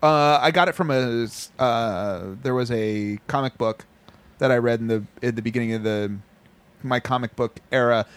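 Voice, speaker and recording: A man's voice: medium pitch, normal speed, clean tone. A man co-hosting a casual podcast, joking and rambling through stories with lots of fillers. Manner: animated, joking, rambling storyteller with frequent fillers. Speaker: podcast co-host. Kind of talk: casual chat.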